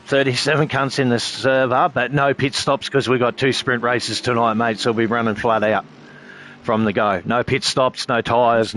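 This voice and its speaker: A man's voice: medium pitch, a bit bright, slight background noise. An Australian man streaming sim racing, chatting casually with viewers in a laid-back, rambling way and swearing constantly. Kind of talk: casual live-stream chat.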